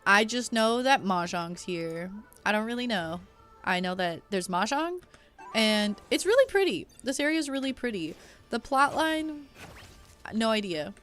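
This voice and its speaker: A woman's voice: on the high side, very animated, unhurried, soft background music. Chatty young woman streamer, slangy. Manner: chatty, slangy, reads chat aloud, loud outbursts at the game. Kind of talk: casual game stream chat.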